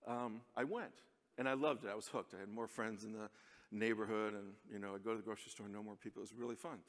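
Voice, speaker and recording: Bright-edged and medium in pitch, this American man's voice carries a long hall reverb as he delivers a self-deprecating conference speech. He keeps it chatty and laughs frequently from the stage of a large venue.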